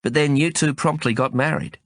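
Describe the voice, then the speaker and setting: A man's voice: medium pitch, a little fast, no room sound, studio quality, voice pushed up, lightly acted. A man voicing a bruised, bewildered hospital patient who reacts with startled disbelief in an audiobook reading. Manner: startled and incredulous.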